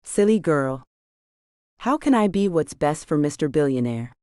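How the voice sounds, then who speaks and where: A woman's voice: low voice, animated, moderate pace, mellow, smooth, dry recording, studio quality. A woman narrating a first-person romance audiobook with wry, chatty asides.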